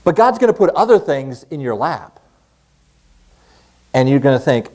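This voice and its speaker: A man's voice: medium pitch, sing-song, moderate pace, darkish tone. A man preaching a sermon as pastor of a church, earnest and conversational with rising emphasis. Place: church sanctuary.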